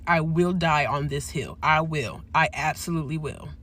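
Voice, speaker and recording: A woman from the Caribbean with Jamaican and Trinidadian roots talks to camera. Her voice is bright and sharp. She is animated and insistent, and her pitch jumps up as she presses her point. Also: moderate pace.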